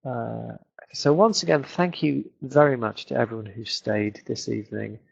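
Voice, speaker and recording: This British English teacher answers questions in a webinar Q&A lesson, his gravelly, husky voice sitting at medium pitch and moving at a moderate pace. He uses lots of fillers and restarts, and the webinar audio is dull and lo-fi.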